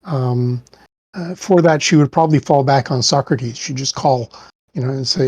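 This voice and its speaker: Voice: mid-range voice, normal speed, a little mellow, slightly rough, dry recording. A tabletop player thoughtfully explaining their character, with many hesitations and fillers.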